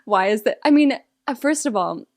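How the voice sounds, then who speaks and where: A woman chatting excitedly and laughing as she reacts to an album. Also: a little high, normal speed, no room sound, studio quality. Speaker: music reaction streamer. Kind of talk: casual reaction commentary. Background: faint pop music.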